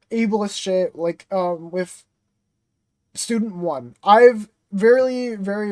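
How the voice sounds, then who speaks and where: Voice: mid-range voice, a little mellow, no echo. A content creator ranting straight to the camera in a frustrated, rambling way, full of fillers and swearing. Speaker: game reaction content creator. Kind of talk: casual direct-to-camera rant.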